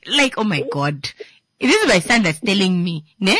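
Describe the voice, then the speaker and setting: A woman chatting casually, animated and laughing often as she mimics her children shouting. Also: medium pitch, moderate pace, crowd noise. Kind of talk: casual chat.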